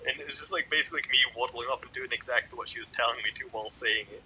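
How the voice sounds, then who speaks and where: A man's voice: medium pitch, rapid-fire, noisy background. A young man telling a rambling school story on a podcast, swearing constantly and filling every gap with "like". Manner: sweary, rambling, filler-heavy. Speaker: podcast co-host.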